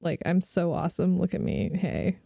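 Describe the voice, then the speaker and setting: A woman's voice: lowish voice, big pitch swings, normal speed, vocal fry, very noisy. A woman mocking a smug, muscle-bound male game soldier who whines about his father, in her own everyday voice. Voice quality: mocking, whiny, bragging.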